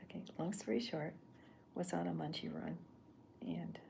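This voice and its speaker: An older, soft-spoken woman artist in a whispered role-play, thinking aloud in halting bits while she sketches. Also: lowish voice, expressive, creaky, background noise.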